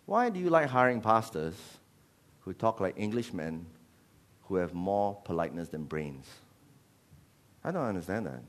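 A man preaching a sermon as pastor, animated and jokey. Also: low voice, moderate pace, pauses often. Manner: animated, jokey, switches into voices.

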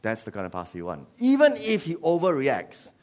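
A man preaching a sermon as pastor, animated and jokey. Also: mid-range voice, a little fast. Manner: animated, jokey, switches into voices.

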